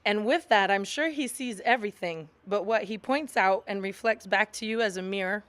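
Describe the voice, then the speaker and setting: A woman, a physical therapist, giving a measured, reflective endorsement of a local candidate. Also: mid-range voice, fairly bright tone, dry recording. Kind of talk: informal spoken endorsement.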